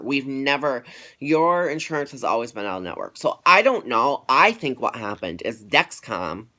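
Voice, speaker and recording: Bright-voiced young man vlogging. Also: medium pitch. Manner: rambling, irritated retelling of a phone call. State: feeling unwell. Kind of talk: casual vlog update.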